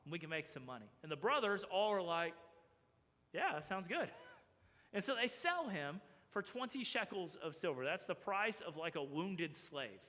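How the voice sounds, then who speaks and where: A man preaching a sermon as pastor, animated and acting out the voices of the people in his story. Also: fairly high pitch, moderate pace, big-room sound. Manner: animated, acts out characters' voices. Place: church sanctuary.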